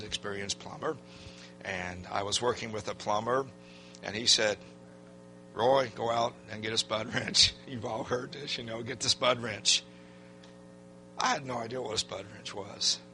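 An older pastor with a medium-pitched voice preaches a sermon, telling a personal story in a folksy, animated style and acting out what people said.

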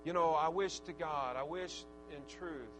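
A male preacher delivering a fervent sermon, swinging from shouted praise to soft, reflective talk. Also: on the high side, measured pace, over music, low-quality recording. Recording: steady mains hum.

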